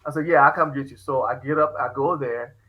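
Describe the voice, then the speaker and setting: A man's voice: mid-range voice, a little fast, muffled recording, a crowd in the background. A man hosting a podcast, telling a story in casual chat and acting out the quoted lines. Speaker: podcast host.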